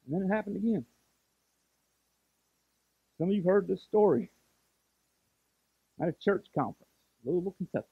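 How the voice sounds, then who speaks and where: A man's voice: high voice, animated, moderate pace, gravelly, pauses often, slightly rough, no room sound, narrow, tinny audio. A pastor in his forties preaching a sermon as a story, with emphatic rises and frequent restarts. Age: 40s.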